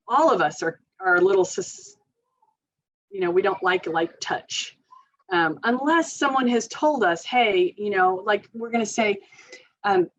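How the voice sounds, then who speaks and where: A woman occupational therapist gives parents an informal training talk, chatty and loose, full of fillers and frequent little laughs. Her voice is medium-pitched, and the sound is lo-fi.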